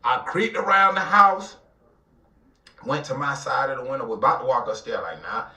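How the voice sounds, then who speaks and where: A man with an Atlanta accent telling a dramatic personal story in an interview, acting out the voices and swinging between loud outbursts and near-whispers. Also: mid-range voice, animated, normal speed. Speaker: guest telling his life story. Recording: roomy, somewhat distant mic.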